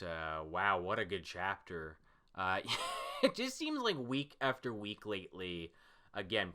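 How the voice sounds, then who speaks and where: Excitable man reacting to a comic. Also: lowish voice. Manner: excitable, swears, many fillers. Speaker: comic reviewer. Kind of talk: casual reaction commentary.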